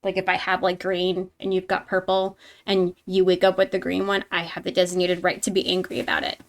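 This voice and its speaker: A woman's voice: lowish voice, monotone, brisk. A woman hosting a live-streamed painting tutorial, talking with her chat in a chatty, bubbly way and laughing often.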